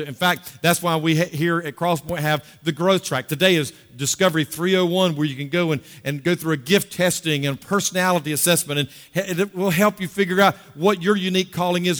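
Bright-voiced middle-aged man preaching in a hall. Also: fairly high pitch. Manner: conversational preaching, repeats words for emphasis, draws out key phrases. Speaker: pastor. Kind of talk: sermon. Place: large church hall. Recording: long hall reverb.

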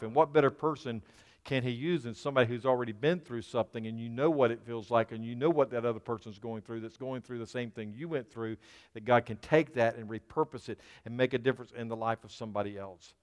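A man's voice: medium pitch, fast talker. Fervent preaching man in a hall. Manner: preaching to a congregation, rising into fervor. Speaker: pastor. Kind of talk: sermon. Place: church sanctuary. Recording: long reverb of a large hall.

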